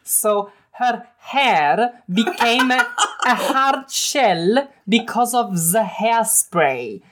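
A woman reading a listener's letter aloud in a mock German accent that slides toward French and Italian. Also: fairly low pitch. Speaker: guest reader.

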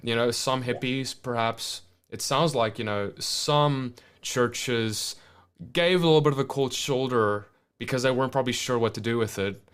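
Smooth-voiced host reflecting. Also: male voice, medium pitch, normal speed, a bit bright. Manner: reflective, builds points with questions. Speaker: podcast host. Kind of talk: podcast interview conversation.

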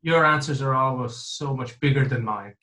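A man's voice: medium pitch, normal speed, bright, forceful tone. A man hosting a podcast, chatty and self-deprecating as he introduces his guests. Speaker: podcast host. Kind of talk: casual podcast chat.

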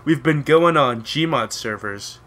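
A young man telling stories in casual chat with friends, animated and laughing as he talks. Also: medium pitch, slow. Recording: faint background noise.

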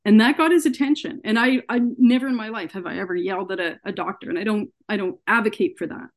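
A woman in middle register speaks earnestly on a podcast, recounting her experience step by step. She stumbles and repeats words when the memory upsets her. Her pitch sits at an ordinary level. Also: fast talker, hardly any pauses. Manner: earnest, often acts out dialogue in her retelling. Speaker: guest, researcher. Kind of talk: telling her own story in conversation.

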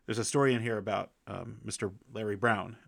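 A low-voiced man with a gravelly edge reviews a book by retelling its stories. He speaks in a halting, casual way, restarting phrases and using fillers. His voice is close and dry, with no room sound. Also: steady tone, fairly bright tone, no echo.

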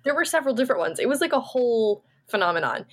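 A woman's voice: on the high side, big pitch swings, very fast. Wry, talkative woman co-host in casual chat. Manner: chatty, uses 'like' a lot, wry. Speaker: podcast co-host.

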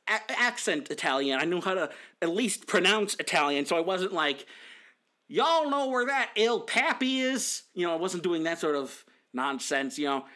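A young man ranting casually to camera about a movie, animated and exasperated, rambling from one point to the next. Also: on the high side. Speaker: vlogger. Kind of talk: casual movie-reaction rant.

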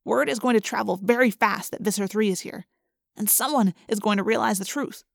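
A woman's voice: medium pitch, fairly quick, vocal fry, no echo. A woman reading aloud voices a wisecracking teenage boy with a dry, sarcastic manner. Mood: worried.

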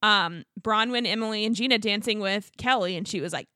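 A woman's voice: mid-range voice, a little fast, sharp tone, no echo, clean studio sound. A woman co-hosting a podcast, chatting casually and animatedly, laughing often and mimicking people as she retells scenes. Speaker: podcast co-host. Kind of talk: casual chat.

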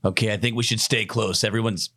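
A man's voice: lowish voice, fairly even intonation, fast, sharp tone. A man playing a tabletop game in character, jittery and swearing with nervous bravado. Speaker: player.

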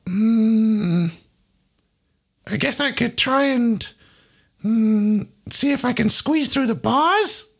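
A woman playing a tabletop game, talking in a playful, drawn-out way. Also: fairly high pitch, lively intonation, gravelly. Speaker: player.

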